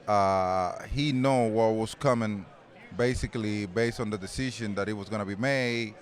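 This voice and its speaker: A man's voice: on the low side, normal speed. A man in his forties with a Spanish accent, talking loosely as an interview guest, rambling with many restarts and easy laughs. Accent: Spanish-accented English. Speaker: interview guest, retired baseball player. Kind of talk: casual interview.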